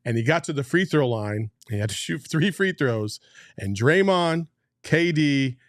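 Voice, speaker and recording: A man's voice: a little high, lively intonation, moderate pace, dry recording, studio quality. A man hosting a casual sports podcast, laid-back and teasing, laughing often as he chats. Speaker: podcast host.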